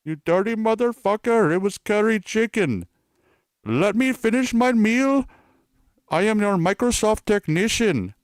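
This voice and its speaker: A man putting on a shouting fake tech scammer with a put-on Indian accent. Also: high-pitched, animated, measured pace, no room sound, studio quality, voice pushed up. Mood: shouting bossy. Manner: yelling, insulting, bossy commands.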